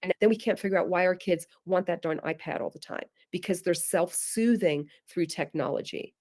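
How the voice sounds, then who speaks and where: A middle-aged woman presenting a parenting webinar, earnest and direct, sometimes acting out gentle things a parent might say. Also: on the low side, moderate pace. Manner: earnest, direct, addresses listeners as guys; acts out gentle parent phrases. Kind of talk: teaching webinar talk.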